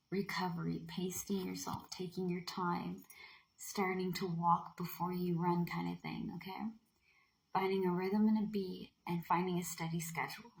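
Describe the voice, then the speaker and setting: Playful chatty woman with gravelly voice. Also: fairly low pitch, rough recording. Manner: playful, chatty, with bursts of breathy half-whispering. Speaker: tarot card reader. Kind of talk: casual spoken card reading.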